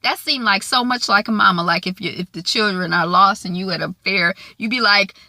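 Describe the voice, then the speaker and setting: A woman's voice: mid-range voice, a little fast, sharp tone, no echo. A woman giving a chatty, casual recap of a TV episode, full of "you know" and "like". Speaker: TV show reviewer.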